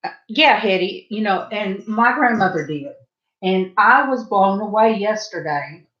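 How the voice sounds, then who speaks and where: A woman's voice: mid-range voice, animated, measured pace, a bit bright, lo-fi sound. A middle-aged woman with a Southern US accent chatting casually to her viewers while she paints, rambling and chatty with asides. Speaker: painting livestream host.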